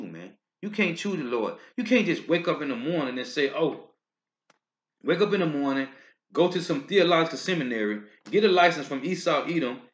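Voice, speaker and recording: A man preaching from scripture in bursts, ending lines with "man, okay?". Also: on the high side. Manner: emphatic, rising and falling bursts. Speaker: street preacher. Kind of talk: scripture-reading sermon video. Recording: dull lo-fi recording.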